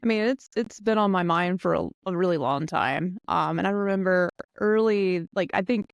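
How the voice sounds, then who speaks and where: A woman's voice: lowish voice, normal speed, dry recording, clean studio sound. A woman guest on a podcast, chatting casually and laughing often. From eastern United States. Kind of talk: casual chat.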